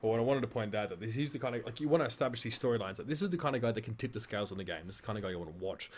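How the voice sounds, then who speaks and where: A man's voice: on the low side, animated, rapid-fire. A man with an Australian accent, an esports caster casually reviewing his own casting, frank, swearing freely and mocking himself.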